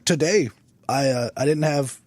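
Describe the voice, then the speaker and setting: A man's voice: a little high, normal speed, a little mellow, no room sound. A man, a comedian co-hosting, joking and laughing through casual banter. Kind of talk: casual chat.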